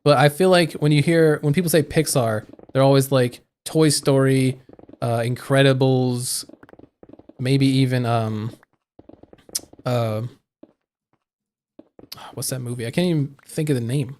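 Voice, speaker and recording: A man's voice: medium pitch, steady tone, measured pace, pauses often, a little mellow. A young man streaming live, chatting casually and rambling with lots of fillers and restarts. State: hiccuping.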